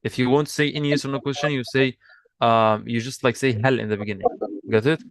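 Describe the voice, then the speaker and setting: Guy teaching an online class, mid pitch, dry close sound, keeps repeating himself patiently. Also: fairly even intonation, fast talker, no room sound. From Egypt. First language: Arabic. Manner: patient, repeats and restarts, switches between English and Arabic. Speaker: Arabic teacher. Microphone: video call mic.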